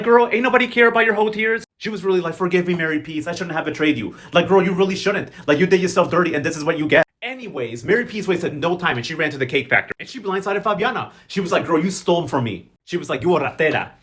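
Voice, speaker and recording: A man doing a sassy, slang-heavy recap of a soap opera, mocking the characters in quick asides. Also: sits high, fairly bright tone. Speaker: novela recap host.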